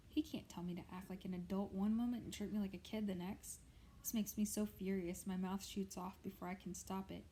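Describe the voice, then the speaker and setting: A woman reading a novel aloud in a steady storytelling voice. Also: medium pitch, fairly quick, slight background noise, poor audio. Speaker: audiobook reader. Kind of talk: scripted narration of a novel.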